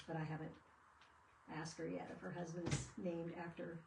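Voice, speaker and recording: A woman's voice: lowish voice, little pitch movement, moderate pace, gravelly, pauses often, darkish tone, slight background noise. A woman hosting a casual craft video, chatting and rambling through stories as she works. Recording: echoey room, mic at a distance.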